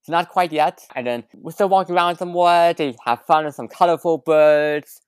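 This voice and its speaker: A woman with a strikingly low voice hosts a casual podcast chat. She recaps the film scene by scene in a chatty way, full of fillers. The sound is dry and close. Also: moderate pace, a little mellow, clean tone, dry recording. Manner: chatty, recaps plot with frequent fillers and laughs. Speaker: podcast host.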